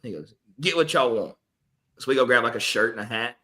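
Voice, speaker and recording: Bright-voiced joking Texan man. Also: medium pitch, animated, a little fast, a little hiss or hum. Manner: joking, playful banter. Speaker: podcast co-host. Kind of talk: casual chat.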